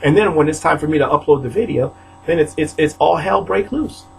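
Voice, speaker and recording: A man's voice: a little high, fairly quick, vocal fry, a little mellow, breathy edge, poor audio. A man from Haiti ranting to camera in his apartment, aggrieved and repetitive, often rising into outbursts. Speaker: preacher. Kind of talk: agitated video rant. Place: apartment, indoors.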